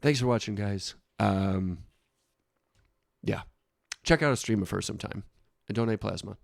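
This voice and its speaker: A man in his thirties hosting a casual reaction video, talking haltingly with frequent restarts and laughs between thoughts. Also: fairly low pitch, gravelly, dry recording, studio quality. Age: 30s.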